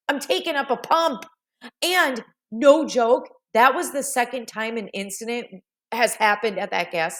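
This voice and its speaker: A woman's voice: on the high side, fairly bright tone. A woman vlogger telling a rambling, self-mocking story in a casual voice-over.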